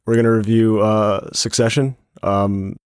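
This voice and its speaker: A man hosting a podcast, opening the show and teasing his co-host in a relaxed, playful way. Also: fairly low pitch, unhurried. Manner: playful, teasing, with filler words. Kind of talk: casual podcast chat.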